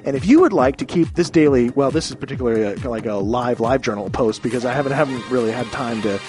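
A man rambles animatedly through a travel story as host of his own show, swearing freely as he goes. His voice sits at an ordinary middle pitch. Faint music plays quietly behind him. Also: quick pace. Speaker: podcast host. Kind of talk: casual storytelling monologue. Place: hostel room.

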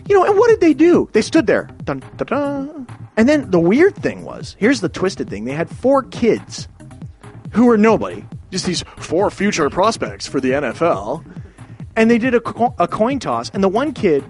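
A man's voice: huge pitch swings, normal speed, darkish tone, faint music behind. Rambling, swearing man from Canada. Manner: rambling, swearing, restarts, sudden high exclamations. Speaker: ranting commentator. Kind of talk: profane rambling rant.

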